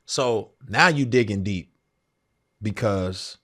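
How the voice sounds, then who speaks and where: A man in his forties hosting a podcast, telling stories in an excited, expressive way in casual conversation. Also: lowish voice, slow pace. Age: 40s. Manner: excited, expressive retelling with bursts of laughter. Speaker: podcast host. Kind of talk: casual conversation, animated storytelling.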